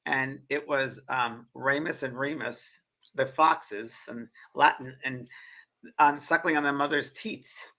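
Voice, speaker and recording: A man co-hosting a chat show, talking about astrology with halting restarts. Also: medium pitch, steady tone, bright, forceful tone. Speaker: co-host. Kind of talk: casual chat.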